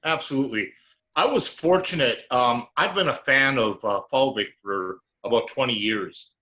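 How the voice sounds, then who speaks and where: A man's voice: mid-range voice, normal speed, bright, forceful tone. A man as a guest on a video call, explaining in a matter-of-fact way. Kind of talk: casual video-call chat. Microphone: video call microphone. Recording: dull lo-fi call audio.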